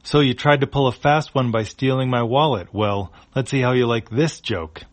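A man's voice: mid-range voice, normal speed, pitched above the performer's own voice, natural voice. A man voicing a smug, petty male alien who mocks stranded travelers in a comic read-aloud. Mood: mocking.

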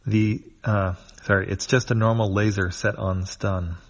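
A man voicing a scheming alien leader in a calm, matter-of-fact way while reading a comic aloud. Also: on the low side, measured pace, muffled recording. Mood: sly calm.

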